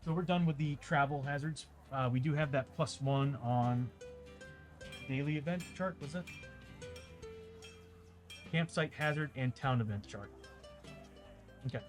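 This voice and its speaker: A man's voice: mid-range voice, a little slow, long pauses. Rambling, chatty man streamer. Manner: rambling, chatty, talks straight to viewers. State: dry throat. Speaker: tabletop game streamer. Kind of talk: casual livestream chat. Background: faint ambient music.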